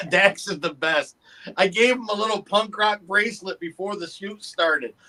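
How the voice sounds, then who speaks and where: A man in casual podcast chat, talking excitedly about being on set and swearing casually. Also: high-pitched, unhurried. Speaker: guest.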